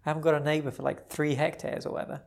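Low gravelly woman with dry asides. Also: flat delivery, very fast, darkish tone. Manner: wry, dry asides and tangents. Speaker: podcast co-host. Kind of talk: casual chat.

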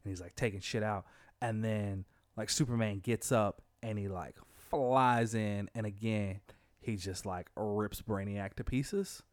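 A man casually retelling a comic book plot, quoting the characters in his own voice with lively bursts. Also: fairly low pitch, measured pace, no echo, studio quality. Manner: animated storyteller, quotes characters in his own voice.

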